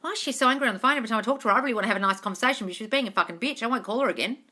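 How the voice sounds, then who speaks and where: A woman quoting a puzzled, fed-up boyfriend who rattles off his complaints in a hurry. The voice stays bright and fairly high, close to her own. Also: very fast. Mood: exasperated.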